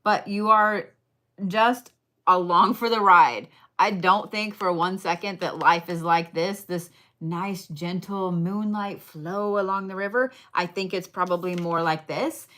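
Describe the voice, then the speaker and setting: A woman's voice: on the low side, steady tone, a little slow, bright, forceful tone. A woman doing a casual livestream card reading, blunt, chatty and full of swearing as she talks to viewers.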